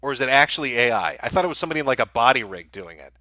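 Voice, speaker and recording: A man's voice: medium pitch, big pitch swings, rapid-fire, bright, forceful tone, dry recording, studio quality. A man hosting a livestream, reading viewer donations and answering them in sardonic, profane commentary. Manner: sardonic, blunt, swears freely.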